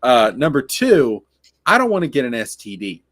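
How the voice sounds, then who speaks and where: A man hosting a casual chat, crude and joking, often halting and restarting. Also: mid-range voice, big pitch swings, fairly bright tone. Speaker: host.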